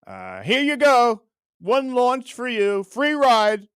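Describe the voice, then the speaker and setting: A man's voice: very high voice, huge pitch swings, takes it slowly, fairly bright tone, clear, resonant tone, dry recording, studio quality, pitched above the performer's own voice, full character voice. A man putting on a hulking fake-Russian brute. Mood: menacing. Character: hulking male wrestler who throws people around.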